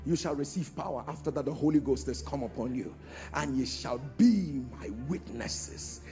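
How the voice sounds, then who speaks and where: Male pastor, mellow tone, animated pitch, faint music underneath. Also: moderate pace. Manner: call-and-response preaching, swings from hushed to shouting. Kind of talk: preaching a sermon.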